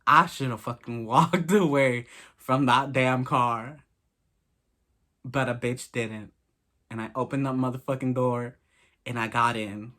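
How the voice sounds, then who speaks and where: A man's voice: medium pitch, fairly even intonation, unhurried, pauses often, pushed and bright. A man in his late teens, telling a personal story in a candid, gossipy, profane way. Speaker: vlogger. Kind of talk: casual story time.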